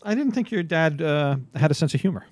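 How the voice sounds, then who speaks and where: A man co-hosting a casual radio show, teasing his partner with quick questions and frequent laughs. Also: a little high, expressive, dry recording, clean studio sound. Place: radio studio.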